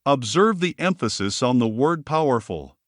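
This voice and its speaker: A man narrating a self-help audiobook in a steady, measured reading voice. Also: medium pitch, no echo, clean studio sound.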